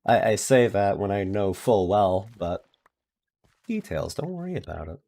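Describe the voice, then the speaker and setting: A man chatting casually while he streams a game, rambling and poking fun at himself. His talk is slow and unhurried, with a gravelly rasp. His pitch swings widely as he drops into silly voices. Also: sing-song, mellow. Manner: rambling, self-mocking, with playful voice bits.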